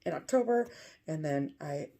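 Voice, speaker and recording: A woman co-hosting a cross-stitch show, chatting casually and gushing with excitement over what she shows. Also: low voice, normal speed, gravelly. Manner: gushing, enthusiastic. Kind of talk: casual show-and-tell chat.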